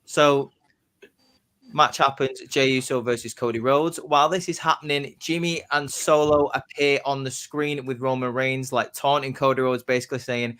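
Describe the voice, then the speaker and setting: A man on a casual podcast, telling his predicted wrestling storyline like excited play-by-play. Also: mid-range voice, moderate pace, clean tone. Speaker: podcast host.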